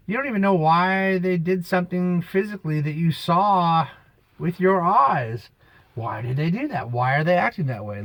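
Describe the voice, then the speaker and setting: A man's voice: medium pitch, a bit bright, dry recording, low-quality recording. A man in a rambling, preachy monologue, emphatic and drifting off-topic, talking outdoors on a beach. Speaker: vlogger.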